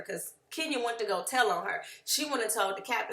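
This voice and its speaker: A woman casually recapping a reality show, acting out what the cast said in lively voices. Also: high voice, quick pace, gravelly, few pauses, reverberant. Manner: animated, acts out quotes of the cast.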